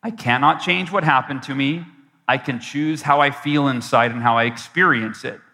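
A keynote speaker in a large event hall tells a motivational story, dramatically acting out his younger self's voice. His mid-range voice is bright and forceful at a moderate pace, and the live recording carries long hall reverb.

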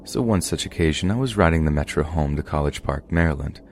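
A man hosting a podcast, reading submitted true scary stories aloud in a steady, measured way. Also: a bass voice, a little hiss or hum. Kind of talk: scripted horror story narration.

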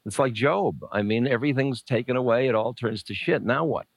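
A medium-pitched man speaks fairly quickly, with no room sound. Teaching dharma live in a lecture room, the sixty-something speaker handles audience questions in a loose, playful, probing way, laughing softly and wandering into asides.

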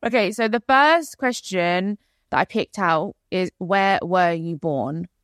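A young woman from London with a London accent, co-hosting a podcast in relaxed, easygoing chat. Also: lowish voice, takes it slowly, no echo, studio quality. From London, England. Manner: relaxed, agreeable, laughs often. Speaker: podcast co-host. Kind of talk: casual chat.

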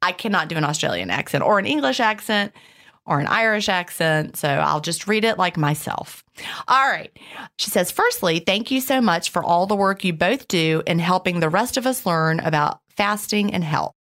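Speaking at a moderate pace in a lowish voice, this woman co-hosts a podcast. She's lively and chatty, full of "you know" fillers, and reads questions sent in by listeners.

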